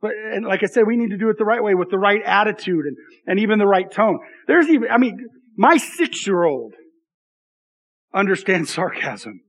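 A man's voice: high-pitched, animated, normal speed, a bit bright. A man in his thirties, a pastor giving a conversational, self-deprecating sermon with frequent asides to the congregation.

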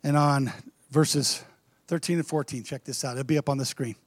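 A man's voice: mid-range voice, steady tone, moderate pace, no room sound. A man, a pastor, preaching a casual, conversational sermon and throwing rhetorical questions at the congregation.

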